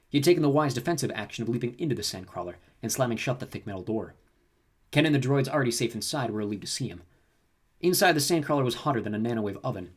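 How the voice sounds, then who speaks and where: A man narrating a sci-fi audiobook in a brisk storytelling manner. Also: medium pitch, slightly rough. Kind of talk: scripted narration.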